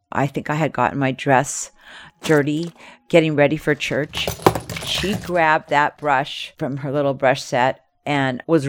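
A woman telling a first-person story from her childhood in a candid, wry, conversational way. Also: on the low side.

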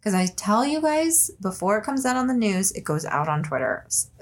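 A woman's voice: medium pitch, very animated, normal speed. Chatty, casual woman podcast host. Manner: loose, chatty, swears freely. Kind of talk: casual chat with ad reads.

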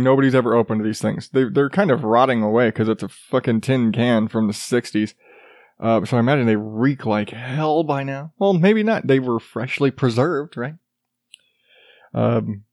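A man's voice: mid-range voice, a little mellow, dry recording, studio quality. A middle-aged man hosting a show, ranting crudely in casual monologue and laughing at his own jokes. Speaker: podcast host.

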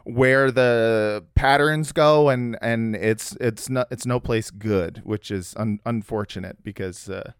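A man's voice: mid-range voice, slow, few pauses, clean tone, no room sound, studio quality. A man co-hosting a casual chat, rambling with many restarts and jokes. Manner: rambling, self-interrupting, jokey. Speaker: podcast co-host.

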